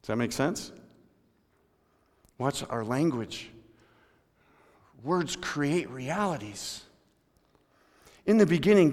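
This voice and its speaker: A man preaching a sermon in a church, moving between loud emphatic lines and low hushed ones and speaking to people in the room by name. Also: lively intonation, takes it slowly, long pauses. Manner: addresses congregation members by name. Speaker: pastor. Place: church sanctuary. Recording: long hall reverb.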